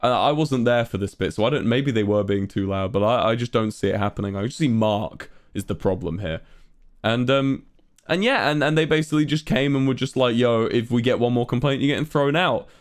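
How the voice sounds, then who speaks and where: A young man tells a tour story on his livestream, rambling and swearing freely in a medium-pitched voice. He's animated and talks casually, as if to friends. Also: fairly quick. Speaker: streamer and musician.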